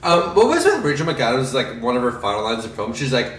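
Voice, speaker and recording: A man's voice: medium pitch, wildly swooping pitch, quick pace, fairly bright tone, reverberant, distant mic, poor audio. A tipsy man chatting through a casual movie review, profane and giggly.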